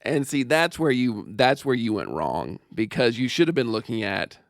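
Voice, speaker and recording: A man hosting a podcast in casual, joking chat, animated and quick with asides, laughing often. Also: mid-range voice, gravelly, dry recording, studio quality. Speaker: podcast host.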